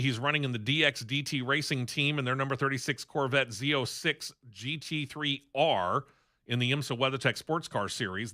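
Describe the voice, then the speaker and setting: A man's voice: mid-range voice, bright, forceful tone. A man hosting a sports talk radio show in a studio, running through racing news in a chatty, opinionated way.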